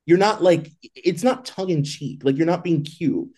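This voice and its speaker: A man co-hosting a podcast in casual chat, talking in an exasperated, animated way and swearing freely. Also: a little high, normal speed, breathy edge. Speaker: podcast co-host.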